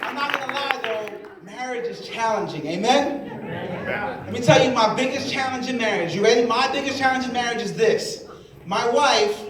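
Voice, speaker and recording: Man, stand-up comedian, teasing and direct with the crowd, loud crowd, heard from far back. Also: very high-pitched, very noisy. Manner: talks straight to the crowd, teasing. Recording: very echoey hall from a distance, loud crowd.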